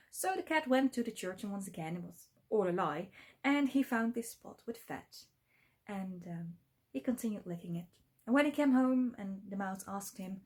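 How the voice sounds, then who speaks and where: A woman's voice: mid-range voice, expressive, normal speed. A woman telling a folktale in a chatty, informal way, with many fillers and asides. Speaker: storyteller. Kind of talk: casual folktale retelling.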